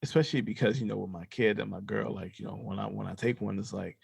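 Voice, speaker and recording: A man's voice: fairly low pitch, gravelly, husky, no room sound. A young man with a slight lisp, co-hosting a podcast in a loose, rambling chat full of fillers. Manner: laid-back, rambling, drawn-out fillers. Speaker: podcast co-host. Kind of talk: casual chat.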